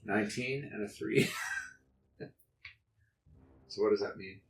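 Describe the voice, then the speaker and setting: Player, lowish man, curious, heard from off the mic in an echoey room. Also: slow. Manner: asks rule questions. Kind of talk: casual game chat. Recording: roomy, off-mic, faint noise.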